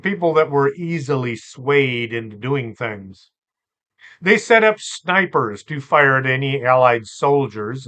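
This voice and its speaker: A man hosting a storytelling show, relaxed and chatty, with asides and fillers. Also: medium pitch. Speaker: host and storyteller. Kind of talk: conversational storytelling podcast.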